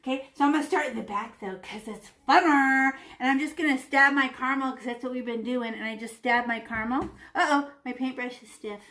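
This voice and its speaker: A woman leads a children's painting lesson, describing each brushstroke as she makes it. Her voice sits a little high and stays playful, with whooshes and small sound effects as she demonstrates. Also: a little fast, hardly any pauses, pushed and bright. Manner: talks while painting, demonstrating step by step. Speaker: art teacher.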